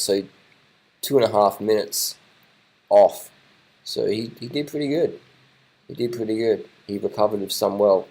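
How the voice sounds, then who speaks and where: Excited man commentating. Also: lowish voice, breathy edge. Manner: excited, repeats himself, swears casually. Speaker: commentator reacting to race footage. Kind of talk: casual live commentary.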